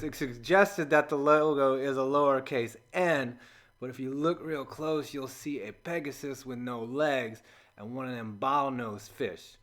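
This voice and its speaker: An American man giving a sarcastic, jokey, scripted voice-over, with sudden loud outbursts between flat asides. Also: a little high. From United States. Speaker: comedy video host.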